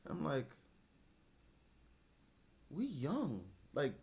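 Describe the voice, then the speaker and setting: A man hosts a reaction video in easy, casual commentary. His pitch sits in a middle range, and his talk is blunt and full of slang. He drifts from low mutters to sharp outbursts. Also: lively intonation, normal speed. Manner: blunt, slangy, swings between mumbling and outbursts.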